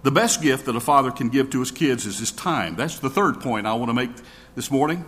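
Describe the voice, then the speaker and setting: A man's voice: medium pitch, brisk, a bit bright. A man preaching a sermon in an earnest way, often repeating his first words as he begins a thought. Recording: long reverb of a large hall.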